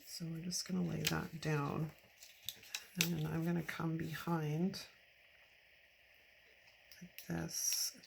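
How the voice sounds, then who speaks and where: A woman's voice: low-pitched, creaky. A woman in her fifties chatting casually while decorating a planner, rambling and laughing often. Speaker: planner vlogger. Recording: steady background noise.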